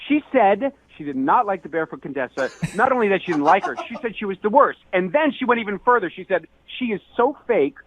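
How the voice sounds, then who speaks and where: An indignant man vents over a tinny phone line, his voice sitting a bit high and leaping all over the place. He tells his story with dramatic outrage, as if personally wronged. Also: big pitch swings, fast, hardly any pauses. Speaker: caller on a radio prank segment.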